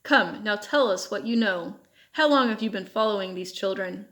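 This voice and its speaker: A woman's voice: mid-range voice, normal speed, a bit bright, natural voice. A woman reading as a stern sea captain. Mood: severe. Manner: severe, questioning. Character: stern middle-aged male boat captain uncle.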